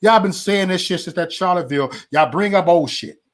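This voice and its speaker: A man's voice: sits high, expressive, fairly quick. A man hosting a livestream, ranting heatedly and profanely at his viewers with emphatic repetition and stammered restarts. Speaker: livestream host.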